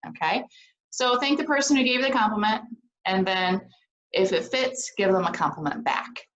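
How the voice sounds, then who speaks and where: Woman, program director, lively lesson, very expressive pitch, echoey room. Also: normal speed, lo-fi sound. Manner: animated, keeps checking in with "okay?". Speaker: program director teaching social skills. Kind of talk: lively classroom video lesson.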